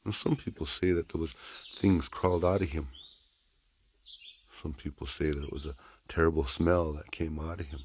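Deep low voiced guy telling an old story, slow and soft, easygoing. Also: steady tone, slight background noise. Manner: unhurried, soft-spoken, conversational. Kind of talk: traditional oral storytelling.

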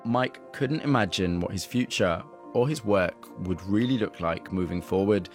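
A man narrating a radio documentary in a measured, even, scripted delivery. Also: deep voice, soft background music.

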